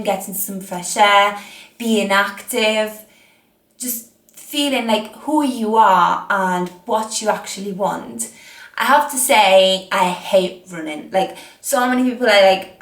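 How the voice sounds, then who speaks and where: A young woman with an Italian accent giving casual fitness advice from home, chatty and self-mocking with rambling asides. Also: mid-range voice. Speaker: fitness vlogger. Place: home, seated on a chair. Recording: echoey room.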